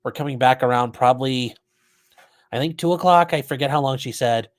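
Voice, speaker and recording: A man's voice: mid-range voice, a little fast. A man hosting a casual live stream, commenting on a trial and answering chat with blunt, profane asides. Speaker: livestream host commenting on a trial.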